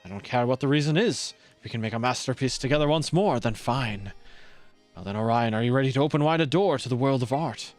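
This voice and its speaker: A man's voice: mid-range voice, fast talker, faint music behind, close to an everyday voice. A man doing a pompous French artist. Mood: grandiose. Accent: French, put on. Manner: grandiose, theatrical, formal. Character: pompous flamboyant male artist gym leader.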